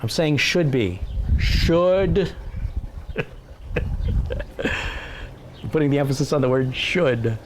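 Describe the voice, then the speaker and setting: A man's voice: medium pitch, unhurried, a little hiss or hum. A man hosting a live stream in a casual, chatty way, reading viewer messages aloud and joking at his own expense. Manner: self-deprecating joking.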